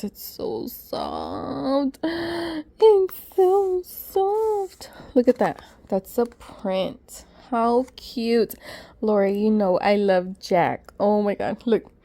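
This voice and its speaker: A woman vlogger chatting excitedly as she unboxes gift mail, calling out to her viewers often. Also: on the high side. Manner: excitable, says "guys" constantly. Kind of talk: casual unboxing chat.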